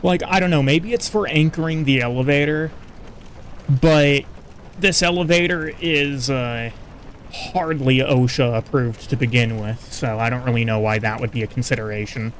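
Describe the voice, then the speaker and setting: A man talking casually over his gameplay, rambling and self-deprecating as he answers his chat. His pitch sits in an ordinary middle range. A faint hiss of background noise sits under the voice. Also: moderate pace. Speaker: streamer playing a video game. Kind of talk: casual gaming commentary.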